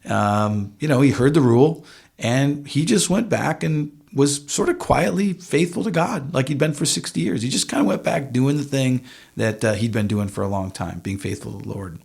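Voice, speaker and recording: A man's voice: mid-range voice, expressive, moderate pace, gravelly, darkish tone, slightly rough. A man co-hosting a church podcast in laid-back conversation, chiming in with short reactions and wry jokes. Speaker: podcast co-host. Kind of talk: casual Bible discussion.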